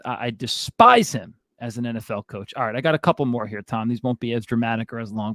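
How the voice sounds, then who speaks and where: A man's voice: mid-range voice, dry recording. A man hosting a fantasy football show, ranting heatedly and with exasperation to his co-host. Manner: fired-up, exasperated ranting with frequent asides. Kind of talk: heated sports rant to a co-host.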